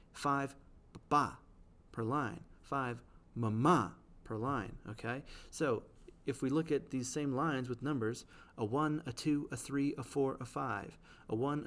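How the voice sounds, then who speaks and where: A man teaching poetry, checking understanding. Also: medium pitch. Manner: explanatory, repeats "right?" to check understanding; taps out rhythms aloud. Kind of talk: classroom lecture video.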